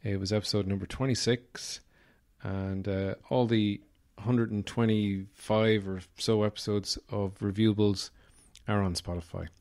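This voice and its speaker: A man's voice: fairly low pitch, steady tone, a little slow, darkish tone. An Irish man hosting a podcast, rambling through a wry comic monologue with lots of fillers. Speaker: podcast host. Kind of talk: casual comedic monologue.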